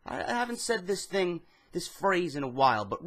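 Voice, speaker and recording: Swearing New guy, bright tense voice. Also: high voice, big pitch swings, normal speed. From New York. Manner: heated, swears constantly, storytelling rant. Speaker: wrestling commentary vlogger. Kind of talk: profane ranting monologue.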